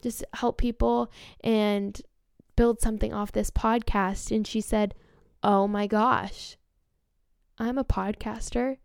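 A young woman hosts her podcast and tells stories in a chatty, eager rush, filling her sentences with "like". Her voice sits a little high and has a gravelly fry. It is recorded close and dry, with a smooth, clear tone. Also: takes it slowly, no echo. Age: young adult. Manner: chatty, heavy use of "like", earnest and excited. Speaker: podcast host. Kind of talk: casual storytelling monologue.

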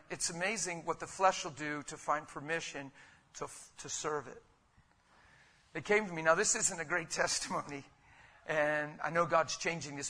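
A middle-aged man preaching a sermon with fervor, dropping low and then rising into loud, emphatic bursts. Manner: fervent, swinging from quiet to loud emphatic bursts.

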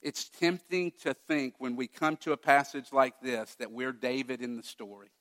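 Bright-voiced emphatic preacher man. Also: mid-range voice, steady tone, moderate pace. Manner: emphatic, swinging between loud declarations and hushed asides. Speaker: pastor. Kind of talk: sermon.

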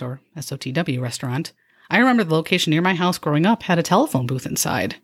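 A woman's voice: sits low, lively intonation, fast talker, dry recording. A woman hosting a podcast, giving scripted narration with dry, wry asides. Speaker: podcast host.

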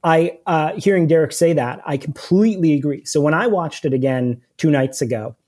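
A man's voice: on the high side, moderate pace, warm tone. Casual podcast man, talks in loose rambling runs with lots of restarts. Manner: rambling, many restarts and repeated words. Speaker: podcast co-host. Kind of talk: casual chat.

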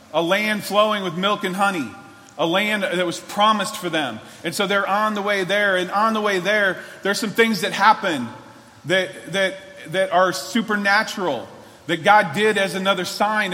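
A male pastor preaches in a high, bright voice and keeps his talk earnest and conversational, restarting his sentences often. His voice rings out with the long reverb of a large church hall. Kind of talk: sermon.

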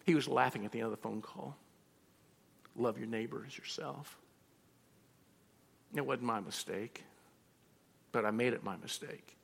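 A man's voice: medium pitch, brisk, gravelly, fairly bright tone, slightly rough. A man preaching a sermon as a pastor, telling personal stories and acting out both sides of conversations. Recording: reverberant hall.

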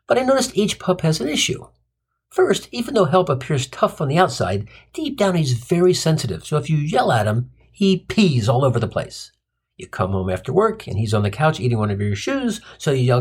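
A man's voice: fairly high pitch, husky. A man hosting a comic storytelling podcast, telling a sardonic, rambling monologue full of tangents and crude punchlines.

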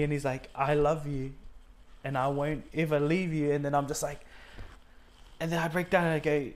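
A man with a fairly high pitch and darkish tone, from New Zealand, earnestly tells his faith testimony as a guest in conversation. He acts out what he and others said, and his delivery is peppered with fillers.

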